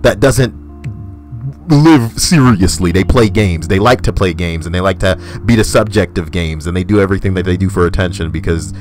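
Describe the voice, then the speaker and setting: Deep-voiced man ranting crudely. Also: moderate pace, slight background noise. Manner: profane, emphatic ranting. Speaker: host reading stories. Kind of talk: crude comedic commentary.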